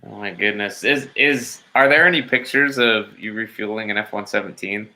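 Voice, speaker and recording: A man's voice: on the low side, moderate pace, sharp tone. A man co-hosting a podcast, chatting casually and asking eager, curious questions. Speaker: podcast co-host. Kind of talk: casual chat.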